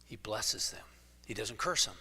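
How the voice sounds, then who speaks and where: Joking pastor with a bright voice. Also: male voice, on the low side, expressive, normal speed, breathy edge. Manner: casual storytelling with jokes. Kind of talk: sermon. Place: church sanctuary. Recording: echoey church hall.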